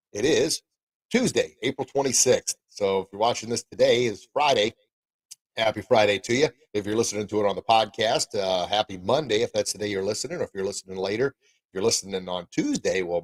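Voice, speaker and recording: A man's voice: fairly low pitch, darkish tone, no room sound, low-quality recording. A middle-aged man hosting a podcast and live stream in a casual, upbeat, rambling way, full of folksy exclamations. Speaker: podcast host and martial arts coach.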